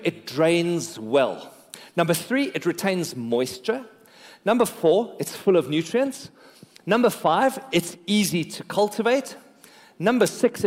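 A male pastor preaches in a lively, joking way, checking in with his listeners as he goes. His voice sits high and his words roll out into a church hall with a long, trailing reverb. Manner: lively, joking, talks to the congregation. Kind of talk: sermon.

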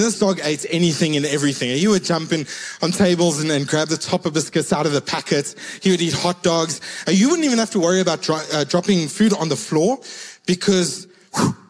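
A man with a slightly high voice preaches a sermon in a relaxed, storytelling way. He circles back to key words again and again for emphasis. His voice carries a long reverb, as if filling a large hall.

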